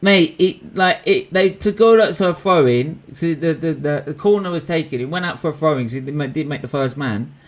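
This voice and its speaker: A man's voice: on the high side, fairly quick, few pauses. A young man, hosting a casual live football watchalong, swearing freely and calling his friend "bruv". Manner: excitable, swears freely, says "bruv" a lot. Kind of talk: casual live match reaction chat.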